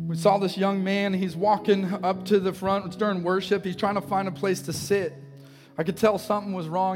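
A man's voice: high voice, in a large hall. A man preaching a sermon as pastor, telling a story with growing passion and calling people forward. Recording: live sermon with music playing. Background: music.

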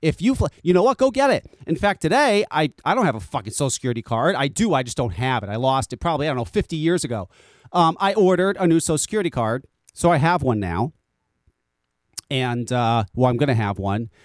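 A man's voice: medium pitch, big pitch swings, a little fast, dry recording, studio quality. An American man hosting a podcast, ranting casually with frequent swearing and repeated words. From United States. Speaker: podcast host.

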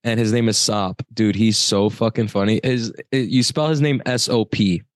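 A man's voice: on the low side, normal speed, no echo, studio quality. A man co-hosting a podcast, telling stories in casual chat, swearing and laughing often. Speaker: podcast co-host.

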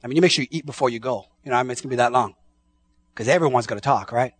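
A man preaching a sermon with passion, swinging from shouts down to hushed tones and often repeating his words. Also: medium pitch, racing. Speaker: pastor.

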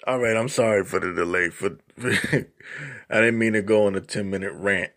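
A man's voice: fairly low pitch, moderate pace. A man giving a casual, profane rant as a YouTube commentator, heavy on slang. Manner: profane, animated ranting with slang.

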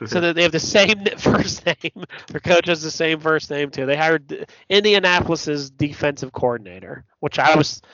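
Blunt, animated man on a dull dry mic. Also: fairly high pitch, moderate pace, few pauses, no echo. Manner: blunt, profane, animated storytelling. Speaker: podcast co-host. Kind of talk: casual sports chat. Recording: dull lo-fi podcast audio, dry.

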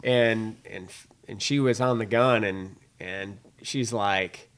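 A man's voice: on the low side, fairly even intonation, slow, fairly bright tone. A man with a Minnesotan accent hosting a podcast, upbeat and chatty, laughing often and restarting his sentences. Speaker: podcast host. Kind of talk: casual podcast chat.

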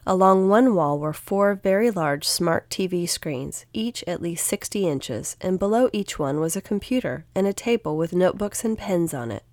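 A woman narrating a children's storybook in a steady, clear way on a close mic. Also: fairly low pitch, moderate pace, few pauses, dry recording. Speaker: audiobook narrator.

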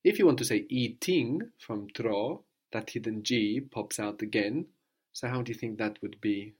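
A man's voice: lowish voice, moderate pace, breathy edge. A man giving a patient one-to-one language lesson, prompting his student with questions and repeating the answers. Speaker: language teacher.

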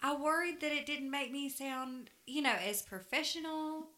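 A Southern woman co-hosting a podcast, chatty and folksy with easy laughter. Her voice sits a little high and rings bright and forward. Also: fairly even intonation, normal speed. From Louisiana, US South. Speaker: podcast co-host. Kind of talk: casual chat.

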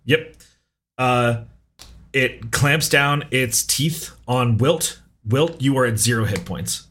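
A husky man at a middling pitch runs a tabletop game as game master. He explains the rules and the monster's moves in a plain, matter-of-fact way. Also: slow, a bit bright. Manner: matter-of-fact rulings, light laughs.

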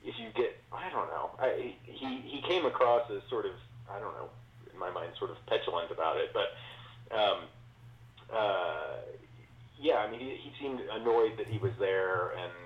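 A man's voice: fairly low pitch, normal speed. Male co-host, hesitant explainer, dull lo-fi audio with room echo. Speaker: podcast co-host. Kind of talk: casual political chat. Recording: roomy, dull lo-fi sound.

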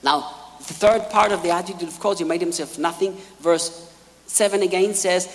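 A man preaching a sermon, telling stories in an animated way and acting out quotes. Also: high-pitched, moderate pace, big-room sound.

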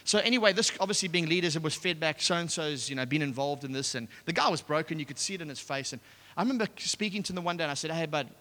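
A man gives a sermon, breaking into a personal story with lots of restarts and animated asides. His voice sits a little high and sounds bright and forceful. The recording has the long, echoing ring of a large hall. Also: fast, hardly any pauses. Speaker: preacher. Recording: echoey hall.

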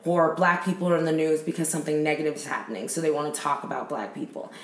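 A woman comedian chatting as a podcast guest, animated and often laughing as she tells stories. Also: deep voice, fast talker, roomy sound. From United States. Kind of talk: casual chat.

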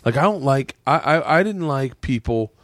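Male comedian podcast host, casual chat, rambling storyteller, lively pitch swings, dry close sound. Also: normal speed, dry recording. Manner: animated rambling storyteller, swears freely, restarts often. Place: home podcast room.

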